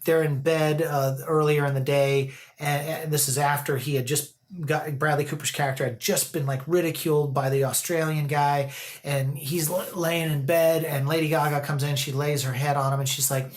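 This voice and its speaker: A man's voice: fairly high pitch, moderate pace. Rambling man reviewing a film. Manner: rambling, many fillers and restarts; animated storytelling, quoting characters. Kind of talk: casual spoken movie review.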